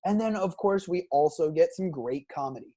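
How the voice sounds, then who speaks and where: A man co-hosting a casual movie review chat, thinking aloud with frequent pauses and restarts. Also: a little high, expressive, dark tone. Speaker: podcast co-host.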